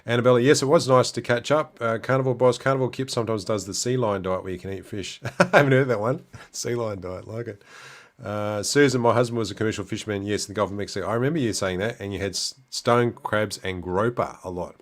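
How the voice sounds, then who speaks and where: Answering viewer comments in a laid-back chat, this middle-aged Australian livestream host talks fairly quickly in a fairly low pitch, with easygoing fillers and restarts.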